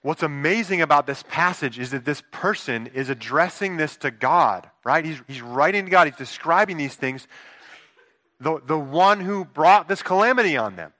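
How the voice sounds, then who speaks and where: A man in his thirties delivers a sermon in an earnest, conversational way, often checking in with his listeners. His voice sits a little high for a man and sounds bright and forceful. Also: animated, moderate pace. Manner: earnest, conversational preaching with rhetorical asides. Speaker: pastor.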